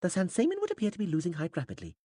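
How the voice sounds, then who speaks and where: A man's voice: high-pitched, huge pitch swings, rapid-fire, dark tone, no echo, clean studio sound, pitched above the performer's own voice, heavily acted. A male narrator voicing a winged female alien interpreter who speaks in stilted, formal, matter-of-fact phrases, in an audiobook reading. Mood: formal calm.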